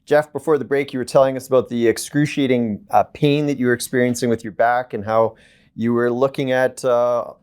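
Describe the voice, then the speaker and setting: Tv interview host guy, average pitch, asks careful questions, restarts a lot. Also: steady tone, darkish tone, clean tone. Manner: measured questions with frequent restarts. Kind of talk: television interview.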